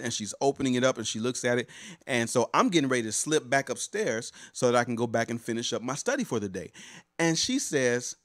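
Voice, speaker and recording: A man's voice: mid-range voice, no echo, clean studio sound. A man, a pastor and life coach, talks casually to viewers of a live stream, repeating words and greeting them by name as he goes. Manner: warm, chatty, repeats words and restarts often.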